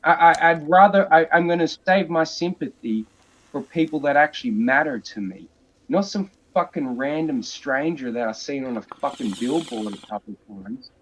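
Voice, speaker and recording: A man's voice: fairly high pitch, normal speed, fairly bright tone. A man hosting a podcast, ranting crudely and swearing nonstop. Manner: crude, heated, swears constantly. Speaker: podcast host. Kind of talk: profane rant. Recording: dull lo-fi sound.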